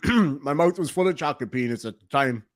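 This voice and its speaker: A man's voice: fairly high pitch, lively intonation, brisk, no room sound. Chatty man on a dry mic. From Ireland. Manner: chatty, joking, reads donations aloud. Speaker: livestream host. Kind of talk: casual livestream commentary.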